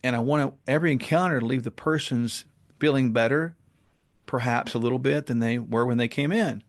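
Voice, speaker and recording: A man talking as a podcast guest, telling stories in an earnest and animated way. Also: mid-range voice, brisk. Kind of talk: casual interview talk and storytelling.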